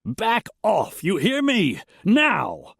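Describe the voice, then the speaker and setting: Male narrator putting on a beefy middle-aged rancher, high-pitched and blustering, in an audiobook. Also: wildly swooping pitch, unhurried, no echo, clean studio sound, full character voice. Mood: desperate shouting. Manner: loud, strained, pleading.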